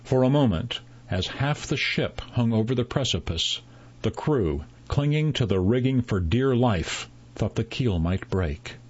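A man reading a story aloud in a measured, unhurried narration, voicing the characters' dialogue. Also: mid-range voice, lively intonation, slightly rough, lo-fi sound.

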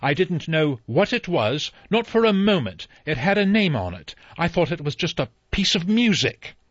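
A man's voice: medium pitch, sing-song, moderate pace, no room sound, voice pushed up. A man reading an audiobook, voicing an anxious, deferential middle-aged butler who pleads earnestly. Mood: pleading. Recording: slightly dull dry recording.

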